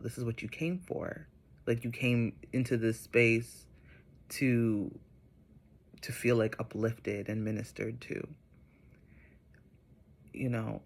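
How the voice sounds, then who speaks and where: Chatty man telling a spiritual story. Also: on the low side. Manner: chatty, rambling, many fillers. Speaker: vlogger.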